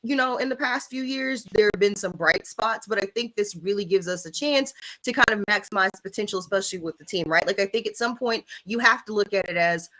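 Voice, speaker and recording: A woman's voice: medium pitch, a little fast, few pauses, sharp tone, poor audio. A woman co-hosting a sports podcast, talking candidly and emphatically with lots of "like" and "right?", cursing now and then. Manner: candid and emphatic, frequent "like" and "right?", swears casually. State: has the hiccups. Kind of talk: casual sports chat.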